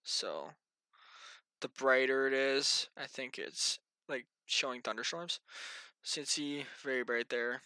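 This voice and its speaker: A yawning man talks through the weather in a loose, wandering way, muttering asides to himself. His voice is bright and clear. The sound is dry and close. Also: medium pitch, lively intonation, a little slow, no echo. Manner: rambling, thinks aloud, mutters to himself. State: tired, yawning. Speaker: amateur weather vlogger. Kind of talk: casual rambling weather briefing.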